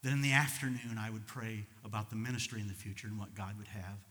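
A middle-aged American man preaching a sermon as pastor, swinging between loud fervent passages and quiet low asides. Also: steady tone, fast. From United States. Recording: long reverb of a large hall.

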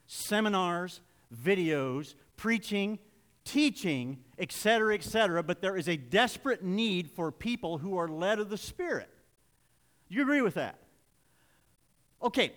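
A man's voice: high voice, a bit bright, big-room sound. An older man preaching a sermon in a church, folksy and confessional, building to emphatic points. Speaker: pastor. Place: church sanctuary.

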